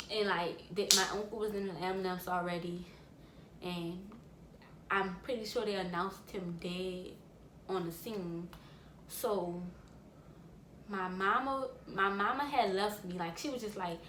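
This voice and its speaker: A woman's voice: mid-range voice, fairly bright tone. A woman vlogger telling a casual, emotional story, rambling with many asides. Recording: echoey room with light background noise.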